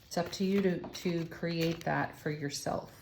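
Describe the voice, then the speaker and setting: Woman reading tarot cards, kinda low voice, gets excited and encouraging, little bit of hiss behind. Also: measured pace. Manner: enthusiastic, affirming, exclaims over cards. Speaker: tarot reader.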